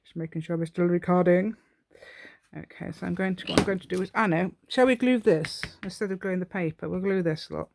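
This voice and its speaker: A woman's voice: fairly low pitch, brisk, creaky, a little mellow, slight background noise. A woman hosting a step-by-step craft tutorial, chatting to herself and the viewer with rambling, giggly asides. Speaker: craft channel host.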